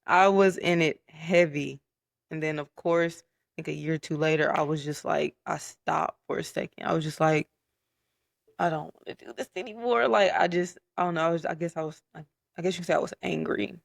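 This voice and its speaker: A young man telling his personal story in a casual podcast chat, candid and soft-spoken, with frequent fillers. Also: a little high, little pitch movement, a little fast, creaky, no echo, studio quality. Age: young adult. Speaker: podcast guest.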